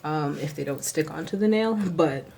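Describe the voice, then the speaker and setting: A woman with a Southern US accent chatting casually through a haul video, full of fillers and sudden gasping excitement. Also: deep voice, moderate pace, creaky, very noisy. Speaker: nail vlogger.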